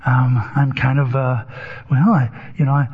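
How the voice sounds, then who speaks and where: A man's voice: flat delivery, husky. A preacher acting out a nervous, indecisive office man who stammers and cannot say who he is. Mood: flustered. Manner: halting, stammering, rising pitch. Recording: dull echoey hall sound.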